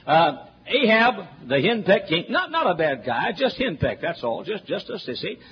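A man's voice: high-pitched, very animated, normal speed. A man preaching a sermon through a Bible chapter, folksy and joking, building to emphatic points, on a dull lo-fi recording with faint noise.

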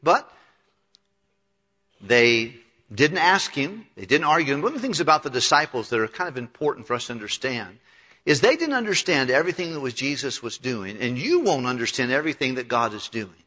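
A man's voice: medium pitch, sing-song, a little fast, sharp tone. A male pastor preaching a sermon, retelling scripture with conversational acted-out dialogue. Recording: long hall reverb.

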